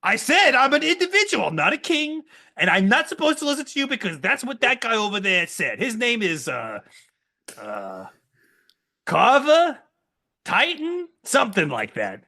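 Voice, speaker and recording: A man voicing a gullible, excitable male goblin who used to stack chairs, talking in high, eager bursts. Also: moderate pace, exaggerated voice. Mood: proud. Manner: high squeaky eager chatter.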